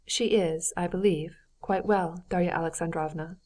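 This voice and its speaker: A woman's voice: fairly low pitch, fairly even intonation, a little mellow, lightly acted. Woman reading a cold, stiff nobleman. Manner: measured, formal, coldly restrained. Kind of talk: audiobook character reading.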